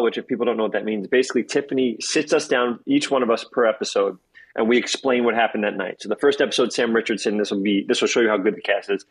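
A husky-voiced man of forty, talking at a rapid clip as an interview guest. He rambles through excitable asides and jumps from one thought to the next. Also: medium pitch, poor audio. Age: 40s. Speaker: guest actor. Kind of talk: casual interview chat.

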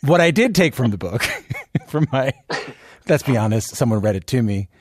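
Male host, animated pitch, self-deprecating joker, halting delivery. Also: slight background noise. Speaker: interviewer. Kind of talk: casual interview chat.

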